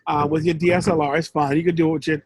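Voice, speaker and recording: A man's voice: on the high side, level tone, racing, husky, dry recording, rough recording. A man mentoring one student in a casual, rambling way over a video call, often restarting his sentences. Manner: rambling, conversational, with frequent restarts.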